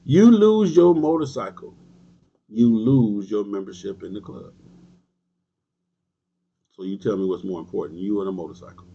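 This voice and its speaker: A husky, mellow-toned man, preaching hard to his viewers as a motorcycle club leader. He repeats his points, drops street slang and fires back at live comments. The sound is dull and lo-fi, like cheap stream audio. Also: fairly low pitch, expressive, normal speed, long pauses. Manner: emphatic, repetitive, preachy. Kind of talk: livestream monologue answering viewers.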